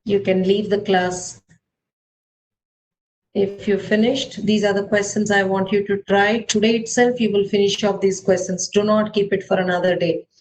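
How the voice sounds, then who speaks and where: A woman teaching an online math class, brisk and directive, checking on her students as she goes. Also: mid-range voice, level tone, a little mellow, low-quality recording.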